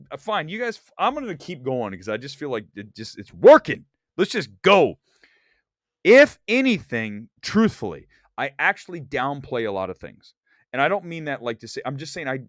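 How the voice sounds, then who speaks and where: A man's voice: medium pitch, no room sound, studio quality. A man hosting a movie talk show, rambling through stories and acting out the people he quotes. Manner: animated storytelling, acts out quoted people. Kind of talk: casual rambling livestream chat.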